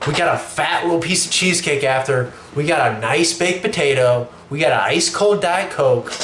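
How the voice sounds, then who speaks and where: A young man hosting a casual sports opinion show, blunt and profane, sick with a cough. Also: on the high side. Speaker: show host. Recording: echoey room with faint noise.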